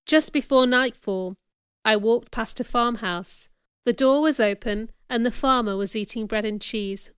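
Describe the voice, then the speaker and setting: A woman narrates a classic story in the first person, steady and measured. Her voice sits a little high and is exceptionally smooth and resonant. It is recorded close and completely dry. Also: no echo. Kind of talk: scripted audiobook narration.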